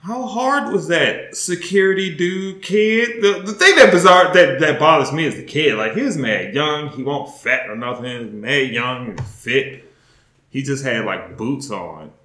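A man's voice: a little high, a little slow, echoey room. A man hosting a podcast, telling a story in casual chat, laughing and swearing as he goes. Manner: laughing, profane, animated retelling. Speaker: podcast host.

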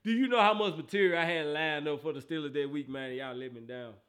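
High bright-sounding guy doing a sports talk rant, aave, teasing, repeating himself, laughing a lot. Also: fast talker.

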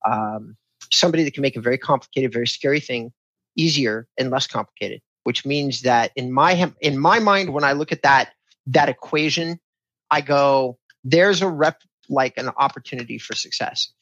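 A man's voice: mid-range voice, normal speed, fairly bright tone, dry recording, highs cut off. A man hosting a podcast conversation about real estate, talking in an emphatic, sales-style way. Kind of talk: casual podcast talk.

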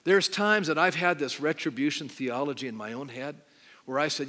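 A man's voice: on the high side, normal speed, pushed and bright. Conversational male pastor in a reverberant hall. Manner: conversational, asks the congregation many questions. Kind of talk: sermon with altar call. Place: church sanctuary. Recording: long hall reverb with faint music.

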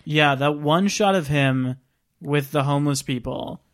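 A man's voice: fairly high pitch, measured pace. A man hosting a casual movie podcast, moving the talk along with easygoing questions.

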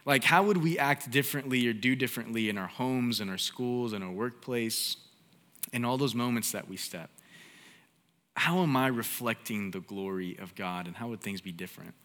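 A young man delivers a sermon in a relaxed, conversational manner. His voice is bright and forward, sitting at an ordinary middle pitch. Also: moderate pace, long reverb tail. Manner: casual, conversational, with filler "like". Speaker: preacher.

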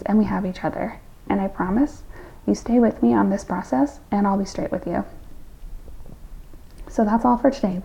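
Woman podcast host, gravelly fry, earnest pep talk, kinda muffled lo-fi sound. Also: medium pitch, dark tone. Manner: earnest, encouraging, direct address to listeners. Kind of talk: solo podcast monologue.

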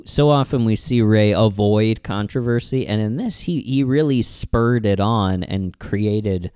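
A man's voice: lowish voice, darkish tone, clear, resonant tone, no echo, studio quality. A man co-hosting a comedy podcast, chatting in a playful, rambling way. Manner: playful, rambling, quick to joke. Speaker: podcast co-host. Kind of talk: casual comedic chat.

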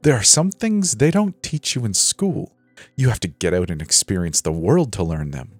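A big scarred killer who sounds as cheery as a mall Santa, his voice pushed up high and bright, as a male narrator puts him on. He drops into a hissing whisper when he turns menacing. It is a horror story told aloud. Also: animated, normal speed, no echo, soft background music. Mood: gleeful. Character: huge jolly scarred male killer, middle-aged.

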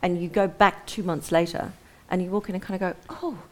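A woman interior designer speaking thoughtfully on a live panel, with halting starts. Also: lowish voice, steady tone, a little mellow. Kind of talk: panel discussion before a live audience.

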